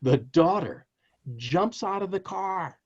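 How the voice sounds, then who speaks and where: A man's voice: sits high, slow pace, lo-fi sound. A man being interviewed as an author, telling stories emphatically and speaking straight to the host. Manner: animated, emphatic storyteller who addresses the host directly. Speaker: author guest. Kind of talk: interview storytelling.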